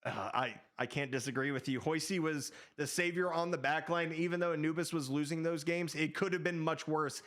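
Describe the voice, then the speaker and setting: A young man casting an esports match play-by-play, calling fast and excitably with his voice half worn out. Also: on the high side. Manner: rapid, excitable calls that climb into shouts. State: voice half gone, out of breath. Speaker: play-by-play caster. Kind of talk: esports commentary.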